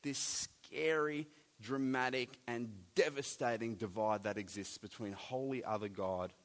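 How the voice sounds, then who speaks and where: A man preaching a sermon, animated, with jokey asides and big swings between loud and soft. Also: medium pitch, normal speed. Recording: long hall reverb.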